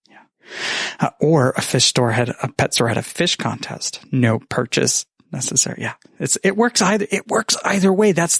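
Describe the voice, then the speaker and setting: A man's voice: on the high side, no echo, clean studio sound. A man recording a casual, rambling message to a friend, self-mocking and swearing freely. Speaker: podcaster sending a message.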